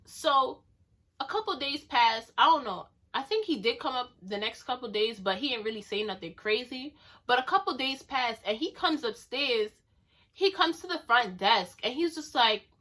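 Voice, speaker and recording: Bright, chatty young woman vlogger. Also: high-pitched, fairly quick. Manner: chatty and animated, leaning on filler "like". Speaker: storytime vlogger. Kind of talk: casual storytelling to camera.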